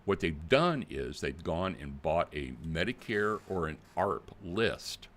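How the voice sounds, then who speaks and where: An older man hosting a casual video, plain-spoken and animated, talking directly to his viewers. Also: low-pitched, takes it slowly, slight background noise. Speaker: channel host.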